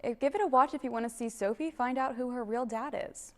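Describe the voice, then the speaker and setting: A young woman hosting a student video show, bubbly and quick to laugh. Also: on the high side, fairly bright tone. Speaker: host. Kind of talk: scripted campus video hosting.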